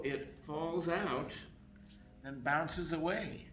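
A man reading a children's picture book aloud in a slow, expressive storytelling voice, in council chambers. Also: fairly high pitch, roomy sound, a little hiss or hum, low-quality recording.

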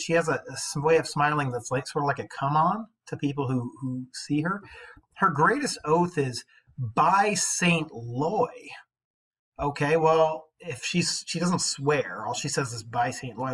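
A man's voice: a little high, fairly bright tone, slightly rough. A male teacher reading an old poem aloud and stopping for casual, questioning asides.

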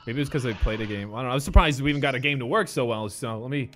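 A man's voice: medium pitch, racing. A man streaming a game, chatting loosely and joking with friends. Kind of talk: casual game stream commentary.

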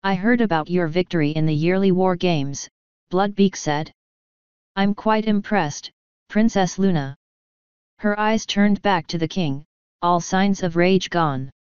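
A woman reading a fanfiction story aloud in an even, measured way, giving every character the same plain voice. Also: lowish voice, smooth, no echo. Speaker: fanfiction reader. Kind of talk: audiobook-style story narration. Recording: dull, slightly lo-fi sound, dry close mic.

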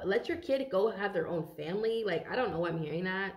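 A woman's voice: mid-range voice, expressive, a little fast, roomy sound. Tired, rambling woman reading tarot. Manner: rambling, chatty, swears freely. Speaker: tarot card reader. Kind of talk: casual tarot reading to viewers.

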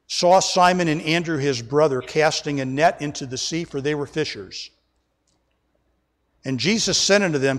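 A fairly high-pitched male voice, followed by a long reverb tail, belongs to a pastor preaching emphatically during a church service. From the church sanctuary, he often speaks to the congregation as folks.

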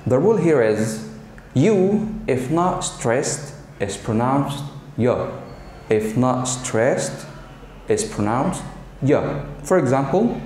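A man with an Egyptian accent whose first language is Arabic, teaching English pronunciation and repeating example phrases slowly as drills. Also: medium pitch, expressive, a little mellow, slight background noise. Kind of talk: pronunciation lesson. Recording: roomy echo.

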